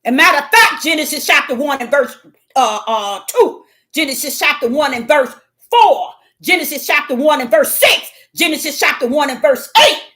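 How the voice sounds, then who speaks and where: Woman, preacher, fervent sermon, shouts then hushes, animated melodic voice. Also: high-pitched, moderate pace. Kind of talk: impassioned sermon.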